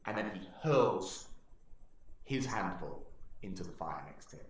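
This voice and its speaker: A man's voice: low voice, a little slow, pauses often. A man narrating a tabletop game as dungeon master, telling the story with lots of fillers. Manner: animated storytelling, many fillers and restarts. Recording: echoey room.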